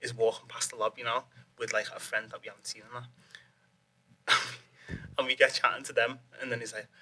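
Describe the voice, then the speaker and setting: A young man tells a story in loose, rambling casual chat, swearing freely and laughing often. His voice is bright and forward and sits at a middle pitch. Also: flat delivery, fairly quick. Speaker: guest, MMA fighter.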